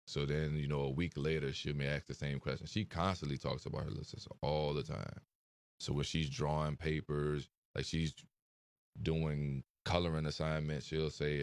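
A very deep-voiced young man talks in an interview, slow to find his words and full of fillers. His delivery stays flat and even. The sound is dry and close. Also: clear, resonant tone, dry recording. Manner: soft-spoken, hesitant, many fillers. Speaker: interview guest. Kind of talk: emotional interview conversation.

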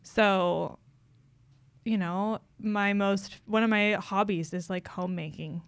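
A woman's voice: medium pitch, fairly even intonation, slow pace, smooth. A young woman co-hosting a podcast, talking candidly and from the heart, with many "like" fillers. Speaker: podcast co-host.

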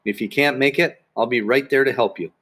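A man's voice: medium pitch, a little fast, fairly bright tone, slightly rough. A man reading aloud voices a patient young swim teacher who coaxes and cheers a child on. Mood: coaxing. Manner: coaxing, cheering. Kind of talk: audiobook reading.

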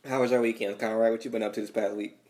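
A man's voice: lowish voice, flat delivery, racing, darkish tone. A young man hosting a podcast in a laid-back, slangy chat, laughing easily. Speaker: podcast host. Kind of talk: casual chat.

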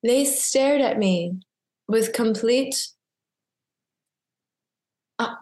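Co-host: young woman, bright-pitched, chatty and self-mocking, on a video call with a roomy echo. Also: very slow. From Maynard, Massachusetts. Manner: chatty storyteller, giggly, self-deprecating. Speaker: wedding photographer, podcast co-host. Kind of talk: casual chat.

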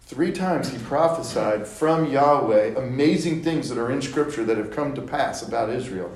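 A man's voice: mid-range voice, expressive, moderate pace, reverberant, low-quality recording. A man teaching a Bible study, retelling scripture stories casually and acting out the characters with playful asides.

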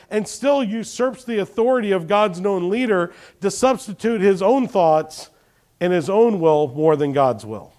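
A man preaching a sermon, telling Bible stories with animation and questioning his congregation. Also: high-pitched. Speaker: pastor.

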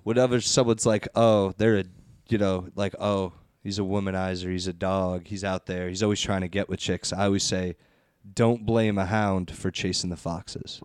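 A man's voice: low voice, flat delivery, moderate pace, smooth, no echo, studio quality. A man in casual podcast banter who laughs often and trails off mid-sentence.

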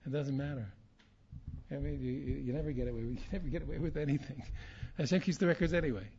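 A man's voice: mid-range voice, quick pace, dark tone. A man talking to his students as their rabbi, rambling and repeating himself, with Hebrew terms mixed in. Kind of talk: informal talk with a story. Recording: dull lo-fi sound, faint room noise.

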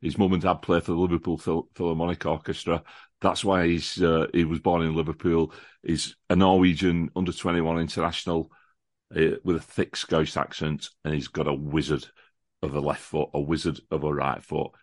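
Speaking in a rumbling low voice with flat delivery at normal speed, a lifelong fan of the visiting club previews the upcoming football game as a podcast guest. His chat is enthusiastic but full of false starts and repetitions, captured in a dry, studio-quality recording.

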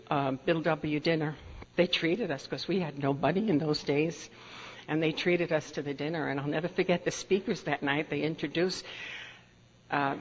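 An older woman with a New York accent, telling stories from her own life at a meeting, laughing through them. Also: deep voice. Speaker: Al-Anon speaker. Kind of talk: storytelling talk at a meeting. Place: meeting hall. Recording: dull lo-fi recording with faint room noise.

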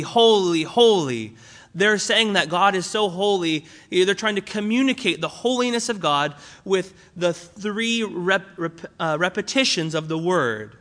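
A man's voice: high voice, sharp tone. A young man preaching a sermon in a conversational way, with fillers and restarts as he explains a Bible passage. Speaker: pastor.

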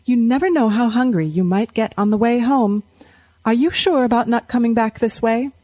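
A woman voicing a bustling, plump, motherly wheelwright's wife who talks in a brisk, scolding way. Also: a little high, darkish tone, dry recording, voice pushed up, lightly acted.

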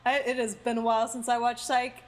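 A young woman co-hosting a casual chat, sardonic and quick to laugh, with casual swearing. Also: on the high side, little pitch movement. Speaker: podcast co-host.

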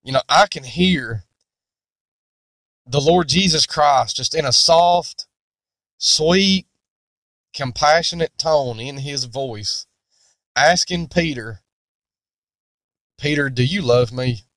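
A man preaching in a sermon-style Bible teaching, deliberate and emphatic. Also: a little high, a bit bright, no room sound.

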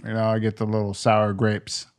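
A man's voice: on the low side, monotone, moderate pace. A man co-hosting a casual chat, laid-back with dry humor. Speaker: podcast co-host.

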